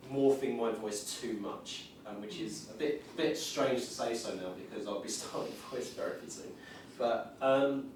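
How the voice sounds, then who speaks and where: A man's voice: medium pitch, slight background noise. Man musing aloud in an echoey hall. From South Essex and North London, England. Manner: thoughtful, musing, with many fillers and restarts. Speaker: conference session presenter and former teacher. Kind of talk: reflective conference talk. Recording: very echoey room from a distance, faint ambience.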